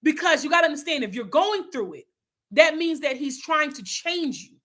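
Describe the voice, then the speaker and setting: A very animated woman with a high-pitched, fairly bright voice leads an online Bible study at a moderate pace. She speaks to viewers casually and from the heart, calling them "y'all," rambling and often starting her sentences over.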